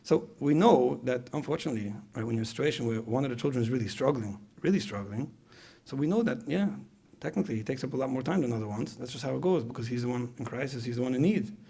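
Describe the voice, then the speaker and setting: Gravelly fast-talking male lecturer. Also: mid-range voice, warm tone. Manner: repeats phrases, asks the audience questions. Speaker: speaker at a parenting retreat. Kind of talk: conversational lecture.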